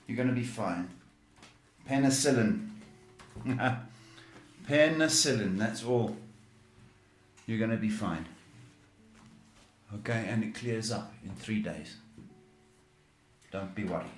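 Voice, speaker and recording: A man talks slowly and deliberately as he gives blunt psychic advice, teasing his callers and joking at his own expense. His voice sits at an ordinary pitch and rings in an echoey room, with faint music playing behind him. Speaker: psychic tarot host. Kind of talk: live-stream advice chat.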